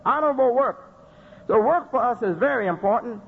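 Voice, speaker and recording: Man preaching with a high voice. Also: animated, a little fast, gravelly, breathy edge. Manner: rhetorical questions and emphatic repetition. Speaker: Muslim preacher. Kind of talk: sermon. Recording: dull lo-fi recording with faint noise.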